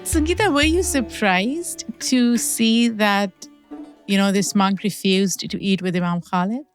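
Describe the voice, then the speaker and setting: A woman's voice: mid-range voice, unhurried, faint music behind. Woman host asking short questions. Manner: brief, probing questions. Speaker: podcast host. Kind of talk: interview questions.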